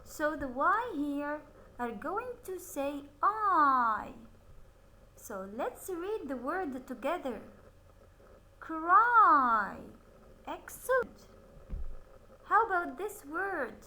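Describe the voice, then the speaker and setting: A woman teaching a children's phonics lesson. She models each word slowly and drawn out, then praises with cheerful words. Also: high-pitched, big pitch swings, sharp tone, poor audio.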